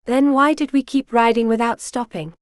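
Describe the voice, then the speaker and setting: A woman voicing a weary young noblewoman on the run, speaking softly and earnestly in a smooth voice. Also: a little high, fairly even intonation, moderate pace, no room sound, studio quality, natural voice. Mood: wary.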